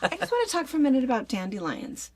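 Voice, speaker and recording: A middle-aged woman from Washington State co-hosting a casual chat, talking in an animated, ranting way. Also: high voice, fast talker. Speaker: co-host.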